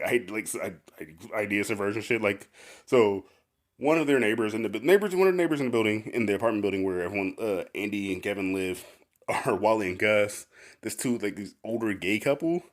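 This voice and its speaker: Low-voiced rambling podcast guy. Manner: rambling, filler-heavy, laughs often. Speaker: podcast host. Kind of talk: casual podcast chat.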